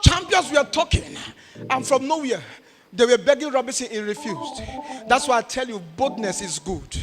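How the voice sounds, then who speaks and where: High-pitched Nigerian preacher telling a story. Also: male voice, moderate pace. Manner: animated, shifting between shouts and murmurs. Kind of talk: sermon storytelling. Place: church hall. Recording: reverberant church hall with faint music.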